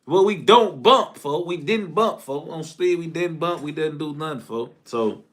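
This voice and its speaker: Speaking a little slowly, a man recounts a story in casual, slang-heavy, profane language. He jumps between shouting and muttering low asides.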